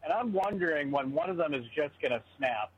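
A man's voice: a little high, lively intonation, a little fast, breathy edge, dull audio. A man calling in to a talk radio show, ranting in an opinionated, rambling way. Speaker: caller. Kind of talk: phoned-in political rant.

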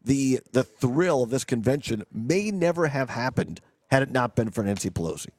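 A man's voice: mid-range voice, big pitch swings, normal speed, darkish tone, no echo. Chatty male radio host, dry sound. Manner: chatty, self-deprecating, frequent restarts. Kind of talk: casual live radio chat. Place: convention arena broadcast booth.

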